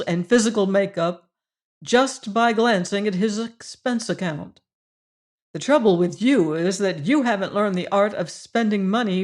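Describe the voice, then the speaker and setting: A slow-paced audiobook reader voicing a businesswoman who speaks crisply and impatiently. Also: medium pitch, close to an everyday voice. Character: crisp, businesslike woman executive. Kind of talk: audiobook character reading.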